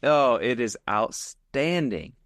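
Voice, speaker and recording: A man co-hosting a podcast, telling a story with lively, acted-out energy. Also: mid-range voice, slow pace, no echo, studio quality. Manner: animated storyteller, acts out scenes. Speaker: podcast co-host. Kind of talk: casual podcast chat.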